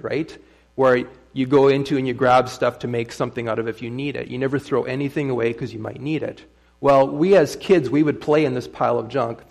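Middle-aged male pastor, gravelly voice, folksy storytelling sermon, chatty asides to the room. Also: mid-range voice. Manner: folksy, conversational, asks the audience rhetorical questions. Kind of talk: sermon with personal stories.

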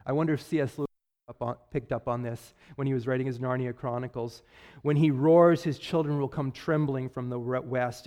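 Pastor, male, earnest sermon delivery, reverberant sanctuary sound. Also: on the high side. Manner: earnest preaching with rising emphasis and soft drops.

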